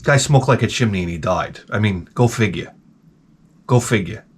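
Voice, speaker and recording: A man's voice: fairly low pitch, moderate pace, slight background noise. A man in his forties giving a comedic monologue as a YouTuber, ranting with exaggerated outbursts. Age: 40s.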